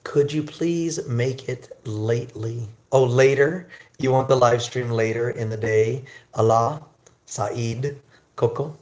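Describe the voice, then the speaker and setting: A man teaching English on a livestream, chatting with viewers and slowly drilling pronunciation. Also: mid-range voice, a little mellow. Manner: slow, drawn-out pronunciation drills.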